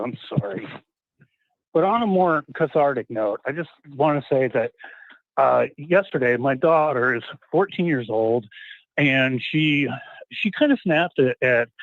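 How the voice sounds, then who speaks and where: A middle-aged man from Texas calling in, talking earnestly and haltingly with many restarts. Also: medium pitch, no room sound. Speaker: caller. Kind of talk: call-in talk. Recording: tinny phone line, dry.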